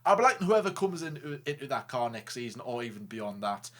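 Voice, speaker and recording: A man co-hosting a casual racing talk show, joking, animated and stumbling over restarts. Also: mid-range voice, brisk. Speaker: co-host. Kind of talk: casual chat.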